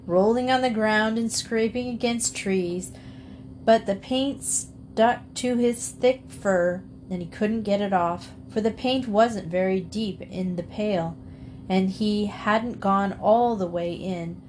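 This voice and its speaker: A woman reading a children's storybook aloud in a calm, measured way. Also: medium pitch, a little hiss or hum. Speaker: storybook reader.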